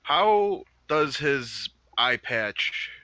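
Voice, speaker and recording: Bright-voiced man playing a tabletop game. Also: medium pitch, sing-song, drawn-out words, no room sound, rough recording. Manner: chatty, thinking aloud with fillers. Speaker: player. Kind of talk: casual tabletop game play.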